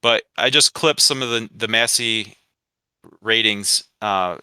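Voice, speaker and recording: A man's voice: fairly low pitch, slow pace, sharp tone, clean tone, dry recording. A man from the Midwest with a Michigan accent, co-hosting a sports podcast in a rambling, chatty way with many asides. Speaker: podcast co-host. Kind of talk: casual sports podcast chat.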